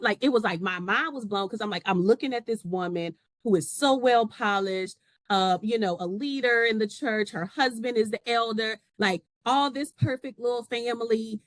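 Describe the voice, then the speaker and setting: A woman's voice: a little high, moderate pace, no echo. A woman who is a podcast guest, telling a personal story in casual conversation and acting out the voices of the people she quotes.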